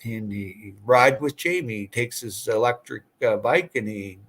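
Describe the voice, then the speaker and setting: A man's voice: medium pitch, animated, normal speed, a bit bright. A man hosting a casual livestream, chatting with viewers in a rambling, friendly way with many fillers and restarts. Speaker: livestream host. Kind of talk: casual livestream chat reading viewer comments.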